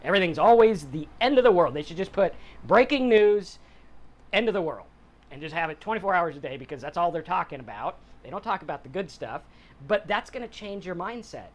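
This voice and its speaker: A man's voice: high-pitched, expressive, brisk. A middle-aged man hosting a podcast, talking casually and plainly about mental health and sobriety. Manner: conversational, acts out quotes in other voices. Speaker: podcast host. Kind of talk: casual motivational talk on sobriety.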